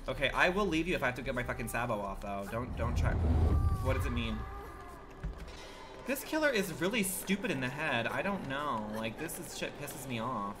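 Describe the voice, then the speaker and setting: A man's voice: medium pitch, very animated, moderate pace, music in the background. A man streaming a game live, talking to his viewers in a dramatic, exclamatory and profane way. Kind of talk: casual live gaming commentary.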